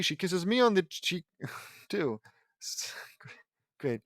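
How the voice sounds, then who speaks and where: A man's voice: fairly high pitch, expressive, moderate pace, no echo, studio quality. A man reading fan fiction aloud, breaking off for sarcastic, complaining asides. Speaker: audiobook reader.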